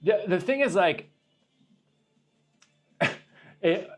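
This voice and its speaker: A young man from Arizona, USA, hosts a casual livestream in a high, animated voice, drawing out his words over faint background music. He rambles, swears, and cuts himself off while reacting to viewer questions.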